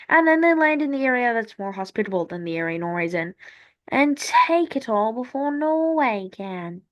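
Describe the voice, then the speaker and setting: A woman's voice: a little high, animated, moderate pace. A woman casually narrating a map timeline. She rambles and corrects herself as she thinks aloud. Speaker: map-series creator.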